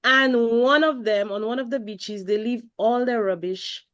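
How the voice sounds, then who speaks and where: Saint Lucian woman podcast co-host, fairly high voice, exasperated animated rant, dry close sound. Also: normal speed, no room sound, lo-fi sound. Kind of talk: casual podcast chat.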